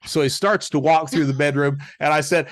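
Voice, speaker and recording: A man telling stories as a podcast guest in a casual, animated way, chuckling as he acts out the dialogue. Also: on the high side, a little fast, no room sound, studio quality. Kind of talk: casual storytelling.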